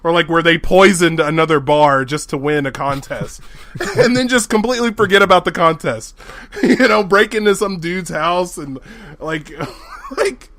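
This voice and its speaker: A man co-hosting a podcast in casual chat, excitable and laughing often as he talks. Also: on the high side, normal speed. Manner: excitable, laughs a lot while talking. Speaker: podcast co-host.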